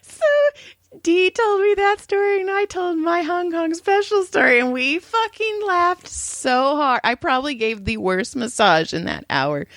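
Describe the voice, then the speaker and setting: A woman's voice: very high-pitched, lively intonation, unhurried, fairly bright tone, no echo. A woman co-hosting a podcast, casually telling crude, laughing stories and acting out what people said. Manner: laughing, crude storytelling with acted-out quotes. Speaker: podcast co-host. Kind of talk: casual chat.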